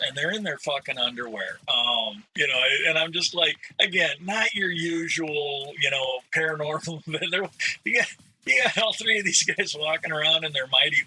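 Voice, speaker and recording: A man's voice: fairly high pitch, sharp tone, husky, poor audio. A man streaming a game and telling a rambling, profane story with a lot of hedging. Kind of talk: casual storytelling while gaming.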